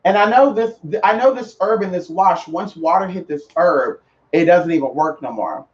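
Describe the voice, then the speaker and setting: A sassy, flamboyant man with a notably high voice, talking straight to his viewers in a loose, chatty way and tossing around "girl" and "honey". The sound is a bit dull and lo-fi. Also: animated, normal speed. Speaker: spiritual practitioner talking to viewers. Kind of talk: casual live chat.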